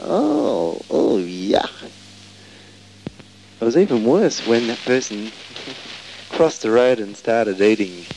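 Man, casual anecdote, meandering, lowish voice, faint background noise. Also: low-quality recording. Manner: rambling, meandering storytelling.

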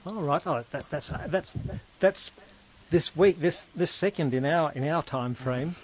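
A man's voice: a little high, a little slow, highs cut off, a little hiss or hum. Dry-spoken male radio host. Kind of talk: casual chat.

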